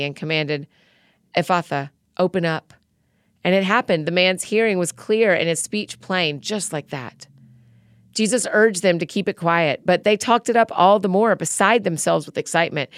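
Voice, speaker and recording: A woman host reading scripture aloud in a measured, earnest way and then praying. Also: on the low side, clean tone, no echo, clean studio sound. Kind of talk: scripture reading and spoken prayer.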